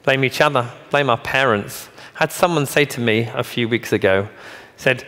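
A man's voice: medium pitch, moderate pace, fairly bright tone. A man giving a motivational keynote speech on stage, punchy and emphatic, with joking asides and rhetorical questions. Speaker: keynote speaker. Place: large conference hall. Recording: long hall reverb.

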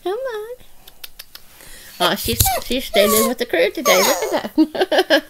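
A woman hosting a doll play vlog, cooing at a kitten in a sing-song way. Her voice is high and swoops up and down. She talks slowly, with a gravelly edge. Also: big pitch swings, heavy background noise. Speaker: doll channel host.

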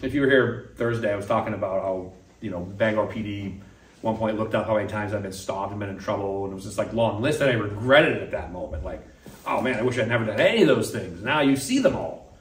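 A man's voice: lowish voice, fairly quick. A man preaching a casual sermon as pastor, talking conversationally and acting out the voices he quotes. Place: church sanctuary. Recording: echoey room, mic at a distance.

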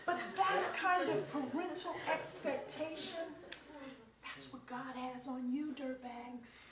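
A woman preacher giving a storytelling lecture, animated and playful with her audience. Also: high voice, slow, over a noisy crowd. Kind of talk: sermon-style storytelling lecture. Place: lecture room. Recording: echoey room, picked up from a distance.

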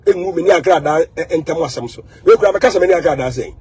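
Ghanaian male commentator, high and raspy, emphatic and repetitive. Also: very fast, warm tone. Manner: emphatic and repetitive, mixing in English phrases. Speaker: social media commentator. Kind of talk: animated monologue.

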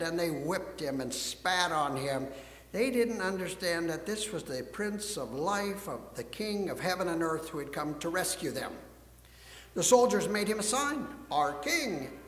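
A male pastor reading a Bible story aloud and preaching, an expressive storyteller who moves between hushed and emphatic delivery. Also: high voice. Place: church sanctuary. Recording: echoey church hall.

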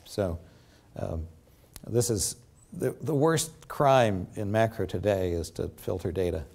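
An older man giving an academic lecture with slides, halting often and filling pauses with many ums and restarts. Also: on the low side, lively intonation, a little mellow. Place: lecture theatre.

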